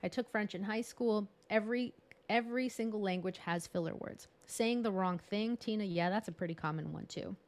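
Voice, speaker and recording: A woman's voice: medium pitch, moderate pace. A bilingual woman presenting a live online workshop over a video call, talking in a chatty, encouraging way and laughing at herself. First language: bilingual English and Spanish.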